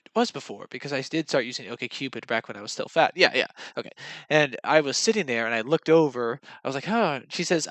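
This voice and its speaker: A young man vlogs casual dating stories in a rambling monologue, poking fun at himself and acting out what people said. His mid-range voice has a fairly bright tone, and the recording is dry.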